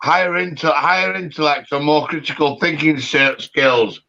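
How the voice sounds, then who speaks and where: A man, calling in to a live stream and rambling loudly in casual chat, swearing freely. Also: a little high, normal speed, vocal fry. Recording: dull lo-fi audio.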